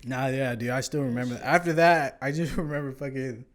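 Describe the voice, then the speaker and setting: A man's voice: medium pitch, brisk, a crowd in the background. A man casually telling a long story on a podcast, swearing often and acting out what people said. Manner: animated, swears often, acts out quotes. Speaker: podcast guest.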